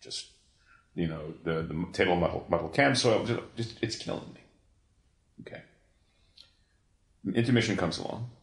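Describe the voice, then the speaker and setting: A man in an interview, telling a long story in an animated, profane way, full of restarts. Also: deep voice, moderate pace, pauses often. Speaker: guest, comics creator. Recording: echoey room.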